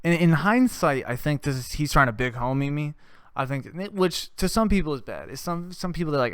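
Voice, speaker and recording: A man's voice: fairly high pitch, animated, brisk, fairly bright tone, clear, resonant tone, no echo, clean studio sound. A young adult man hosting a podcast. He tells stories in a loose, casual monologue, swears a lot and laughs at his own tales. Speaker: podcast host.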